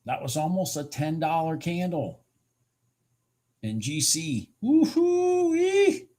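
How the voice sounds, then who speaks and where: Slow and a little mellow, this man's fairly high voice carries lively intonation. He's a futures trader on a live stream, grumbling at his charts and begging the market again and again to go his way.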